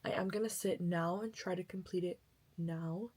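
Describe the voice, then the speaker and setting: A woman's voice: on the low side, fairly even intonation, normal speed, a little mellow, slight background noise, low-quality recording. A young woman chatting casually to camera about books she bought and is reading, rambling and correcting herself often, tired. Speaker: book vlogger.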